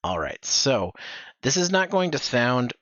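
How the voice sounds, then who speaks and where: A man's voice: mid-range voice, very animated, unhurried, fairly bright tone, no echo. A man hosting a voice acting workshop stream, encouraging as he directs and demonstrates lines, speaking into a gaming headset mic. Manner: encouraging, directs with demo readings. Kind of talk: instructive streaming chat. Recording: dull, dry headset audio.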